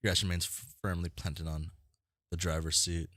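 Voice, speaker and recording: A man with a low voice reads a webcomic aloud for his viewers, breaking off into rambling, self-mocking asides. He trips over names and shrugs it off. The sound is close and dry. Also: flat delivery, moderate pace, a bit bright, no room sound. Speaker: streamer reading a webcomic aloud. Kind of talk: casual read-along with commentary.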